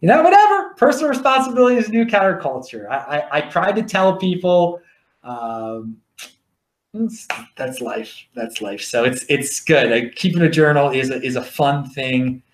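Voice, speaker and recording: A man's voice: on the high side, big pitch swings, moderate pace. Baltimore guy rambling on his stream, voice bouncing all over, kinda echoey room. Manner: chatty, repeats and restarts words. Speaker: livestream host. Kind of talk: rambling casual monologue.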